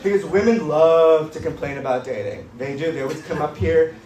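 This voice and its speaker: Deadpan edgy stand-up guy, kinda high voice, roomy club sound picked up from far off. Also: brisk, a little hiss or hum. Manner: deadpan, edgy, self-mocking delivery. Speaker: stand-up comedian. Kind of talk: stand-up comedy set. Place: comedy club stage with live audience.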